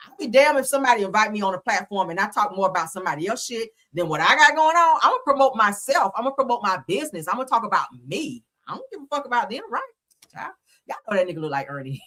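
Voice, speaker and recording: A woman's voice: mid-range voice, sharp tone. A woman, hosting a live stream, gossiping bluntly and sassily about reality TV while laughing and answering her chat. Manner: sassy, blunt, laughs often, talks to the chat. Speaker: reality TV commentary host.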